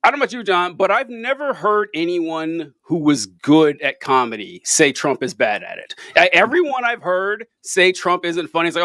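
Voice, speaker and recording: A man's voice: high voice, moderate pace, few pauses, no echo, clean studio sound. A man co-hosting a podcast, chatting casually and laughing often while ranking quotes. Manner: laughs often, animated banter. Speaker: podcast co-host.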